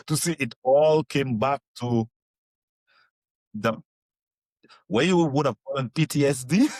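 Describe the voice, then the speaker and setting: A man's voice: mid-range voice, no echo. A man hosting a travel podcast, reacting with short affirmations and sharing his own stories. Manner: enthusiastic, lots of short affirmations. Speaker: podcast host. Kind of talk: casual interview chat.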